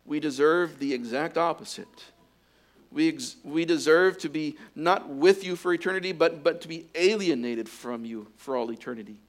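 A man preaching a sermon. He builds to loud, fervent exhortation and then drops to a hushed closing prayer. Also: on the high side, moderate pace. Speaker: pastor.

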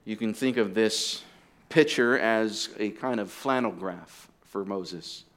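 A pastor preaching a sermon, explaining deliberately and dropping in casual asides to the congregation. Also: male voice, on the low side. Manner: deliberate teaching with conversational asides.

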